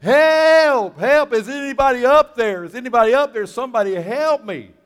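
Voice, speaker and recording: A man voicing a panicked man dangling from a cliff, yelling for help, in a hall with a long reverb. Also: very high voice, animated, normal speed, clear, resonant tone, pitched above the performer's own voice. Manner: desperate shouting.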